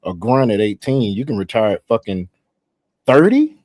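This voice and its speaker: A man's voice: on the low side, no echo. A man co-hosting a podcast, reacting and swearing in loose casual banter. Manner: animated, swearing, quick reactions. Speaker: podcast co-host.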